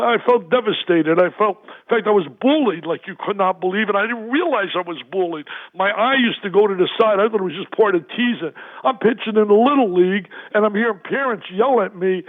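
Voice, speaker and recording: An older man, a basketball analyst phoning in as a guest, talking emphatically and repeating himself with energy. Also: high voice. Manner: emphatic, repetitive, energetic storyteller. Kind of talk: phone-in radio interview. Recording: tinny phone line.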